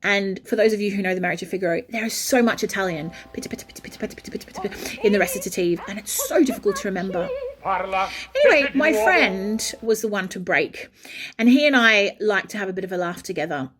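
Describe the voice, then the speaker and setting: A woman, an opera singer, telling a backstage anecdote in an animated way and breaking into sung phrases. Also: medium pitch, quick pace. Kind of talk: storytelling anecdote.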